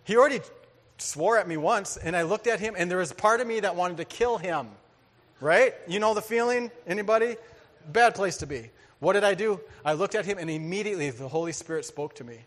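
A man preaching a sermon, telling a story with lively energy, acting out voices and laughing often. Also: high voice, fairly quick. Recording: hall reverb.

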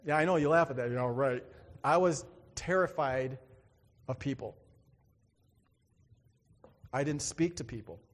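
A man's voice: mid-range voice, measured pace, long pauses. A man preaching a sermon, telling a personal story in an earnest, dramatic way and acting out the other voices. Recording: long hall reverb.

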